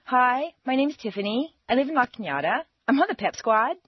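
A woman's voice: high-pitched, lively intonation, brisk, husky, dry recording, dull audio, pitched above the performer's own voice. A woman voicing a bubbly teenage girl on her way to the mall, with a Californian accent and a rising sing-song lilt. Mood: perky.

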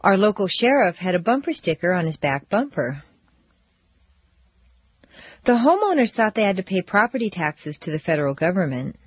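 A woman teaching English pronunciation, reading drill phrases slowly and deliberately with careful stress. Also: mid-range voice, big pitch swings, breathy edge, dry recording, dull audio.

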